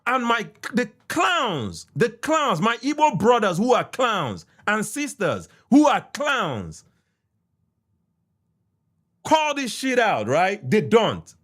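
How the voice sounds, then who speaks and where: A young man with a Nigerian accent rants in a podcast, indignant and repetitive, cursing as he goes. His voice sits high and swings widely in pitch. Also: huge pitch swings, slow pace, a bit bright. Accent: Nigerian English with pidgin. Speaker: podcast host reacting to an interview. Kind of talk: ranting commentary.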